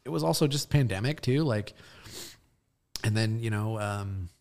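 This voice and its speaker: A man's voice: lowish voice, moderate pace, a little mellow. A young man chatting casually as a podcast host, rambling through a long story and swearing freely. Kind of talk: casual chat.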